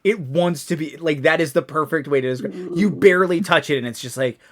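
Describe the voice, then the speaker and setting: A man's voice: on the high side, a little fast, crowd noise. A young man narrating as game master of a tabletop game, loose and laughing, with lots of fillers.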